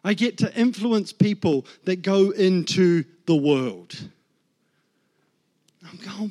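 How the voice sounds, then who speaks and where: A man in his thirties, guest preaching with a New Zealand accent, tells his testimony slowly and expressively, leaving long pauses. His warm, high-set voice brings his inner voices and God's words to life as he acts them out.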